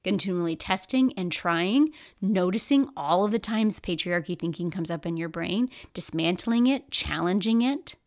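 An energetic woman hosts her own coaching podcast, speaking in an emphatic, encouraging voice. She addresses the listener directly, pushing them to act. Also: lowish voice, normal speed, hardly any pauses. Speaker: podcast host and business coach. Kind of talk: motivational podcast monologue.

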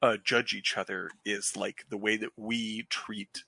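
Bright-toned male podcast host, animated and self-deprecating, dry close mic. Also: fairly low pitch, measured pace, vocal fry, breathy edge, no room sound. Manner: animated, self-deprecating, laughing, stumbles and restarts. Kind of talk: casual chat about film.

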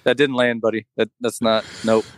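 A man chats casually and rambles through a story, leaning on "like" and "you know" as he goes. His voice sits at a middling pitch. The sound is dry and close. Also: level tone, normal speed, no echo. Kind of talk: casual chat.

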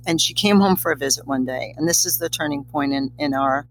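A woman's voice: extremely low pitch, fairly quick, slight background noise, low-quality recording. A middle-aged woman, a guest on an interview show, telling a personal story in a reflective, slightly teary way. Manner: emotional, reflective, a little teary.

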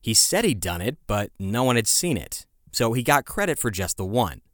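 A man's voice: mid-range voice, very animated, normal speed, fairly bright tone, dry recording, clean studio sound. A man hosting a history podcast, telling the story in a conversational way with asides to his listeners. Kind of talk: scripted history narration.

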